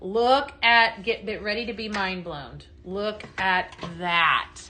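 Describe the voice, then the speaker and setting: A woman's voice: mid-range voice, takes it slowly, bright, forceful tone. A woman hosting a chatty live home-decor sales stream from her home, reading viewer comments aloud.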